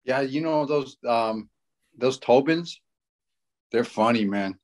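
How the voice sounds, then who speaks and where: A man's voice: medium pitch, takes it slowly. A man in his forties from Canada with a Canadian accent, a podcast guest talking in a laid-back, joking, rambling way. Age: 40s. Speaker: podcast guest, fishing guide. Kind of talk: casual chat.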